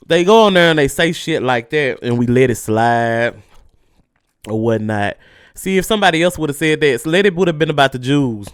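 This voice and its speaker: A man's voice: medium pitch, smooth, dry recording, studio quality. A man hosting a solo podcast, ranting casually and profanely with heated energy while his mouth burns from spicy food. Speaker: podcast host.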